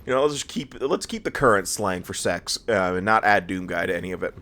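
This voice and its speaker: A man's voice: low-pitched, animated, fairly quick, pushed and bright, slight background noise. Tired rambling man playing a game. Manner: rambling, self-deprecating, stammers and laughs. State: tired, just woke up. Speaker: let's play host. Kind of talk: casual gameplay commentary.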